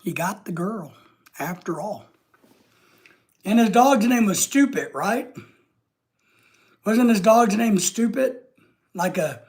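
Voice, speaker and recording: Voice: mid-range voice, lively intonation, takes it slowly, pauses often, a little mellow. A live-stream host chatting casually with viewers, rambling and trailing off at the ends of thoughts.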